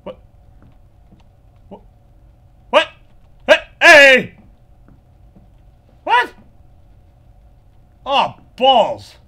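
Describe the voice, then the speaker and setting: A man's voice: very high-pitched, big pitch swings, extremely slow, pauses often, bright, forceful tone. A man giving nervous, joking, profanity-laced commentary while playing a horror game. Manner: jumpy, swearing, nervous joking asides. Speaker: gaming channel host.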